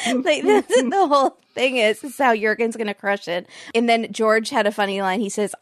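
A woman's voice: on the high side, normal speed, no room sound, studio quality. A woman co-hosting a podcast, recapping a baking show in casual chat, laughing often and acting out quotes. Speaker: podcast co-host.

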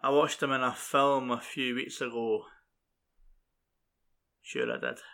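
Gravelly bright-voiced man. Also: medium pitch, big pitch swings, measured pace. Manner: brief interjections and short questions. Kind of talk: casual film chat.

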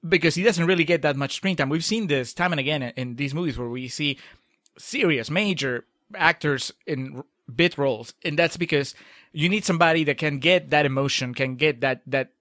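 Young male co-host, upbeat and giggly, pitched a bit high, dry close recording. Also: a little fast, fairly bright tone, dry recording. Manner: giggly, enthusiastic. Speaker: podcast co-host. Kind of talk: casual movie recap chat.

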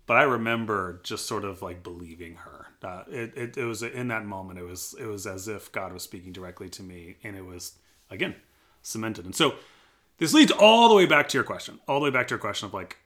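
An earnest male pastor from Colorado shares his testimony, his voice sitting low in pitch. His tone is bright and forceful. He tells his story thoughtfully and lets quoted lines come out with a lively edge. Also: fairly quick. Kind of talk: personal testimony in a church podcast interview.

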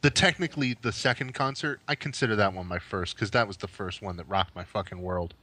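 A man's voice: fairly low pitch, a little fast, bright, forceful tone, dry recording. A man in his forties, a podcast co-host, telling a story in casual chat and swearing freely. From New Jersey.

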